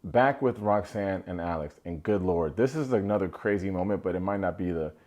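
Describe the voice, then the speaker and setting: A man with a lowish voice giving a casual commentary recap of a reality show. He talks with sarcastic, slangy energy and swings from flat muttered remarks to sudden high-pitched exclamations. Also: brisk. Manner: animated and sarcastic, slangy asides.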